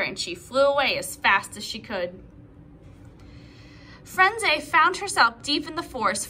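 Here a teacher, a woman with a high-sitting voice, reads to preschoolers from a picture book. She keeps a slow, lively storytelling pace, sprinkles in asides for the children, and some slight noise sits in the background.

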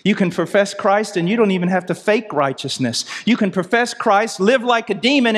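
A middle-aged man from the United States preaching a sermon, impassioned, moving from loud pleading to low intensity. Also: expressive, moderate pace, few pauses. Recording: long reverb of a large hall.

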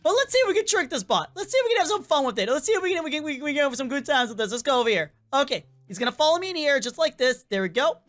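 A high-pitched woman does gameplay commentary, chattering excitably and talking back to the characters on screen. Her voice sounds worn and cracking, a cough comes through, and faint game music plays underneath.

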